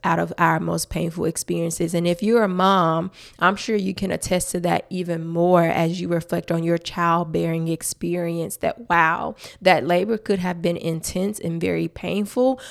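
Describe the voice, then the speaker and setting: A woman's voice: fairly low pitch, vocal fry. A woman hosting a faith-based podcast, talking earnestly and emphatically straight to her listeners. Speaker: podcast host.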